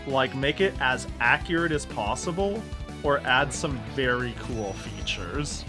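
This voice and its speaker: Excitable ranting streamer man. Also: mid-range voice. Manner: excitable, ranting, laughs and exclaims. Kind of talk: casual reaction commentary.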